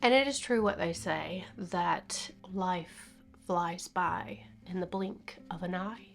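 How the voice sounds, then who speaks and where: A woman in her fifties speaks to her camera in a personal vlog, her voice teary and sniffly as she laughs and cries at once. She keeps slipping into soft whispers and then brightening again, with faint music in the background. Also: lowish voice, takes it slowly, vocal fry, few pauses. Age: 50s. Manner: tearful, laughing and crying at once, breaking into whispers. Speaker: vlogger.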